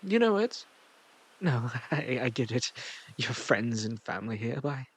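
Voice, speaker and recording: A man's voice: medium pitch, sing-song, unhurried, husky. A man playing a smug, possessive god. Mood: smug, coaxing. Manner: smug, coaxing, put-on foreign-sounding accent. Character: egotistical possessive male god, smug and doting. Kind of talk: audio role-play.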